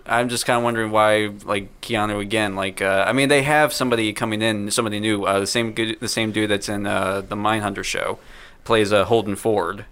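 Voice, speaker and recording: A man's voice: on the low side, fairly even intonation, fairly quick, a bit bright, smooth. Rambling, laugh-prone young man. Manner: rambling, hedging with fillers, laughs easily. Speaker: podcast co-host. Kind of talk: casual chat.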